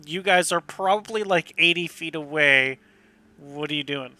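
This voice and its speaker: A man's voice: a little high, normal speed, pushed and bright, dry recording. A man narrating as game master in a tabletop game, easygoing and laughing often.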